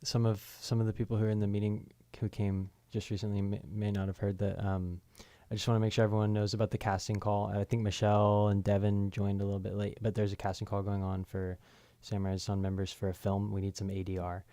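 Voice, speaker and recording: A man organizing a group meeting and making an announcement with hesitant fillers. His delivery is strikingly flat and his tone is dark. The sound is dry and close. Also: lowish voice, fast, few pauses, no room sound.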